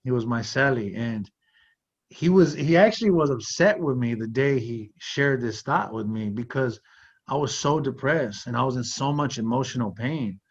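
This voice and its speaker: Male host, earnest and conversational, mid-pitched voice, slightly muffled recording. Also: normal speed, slightly rough. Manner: earnest, with frequent "like" and "you know". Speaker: podcast host. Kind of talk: heartfelt conversational storytelling.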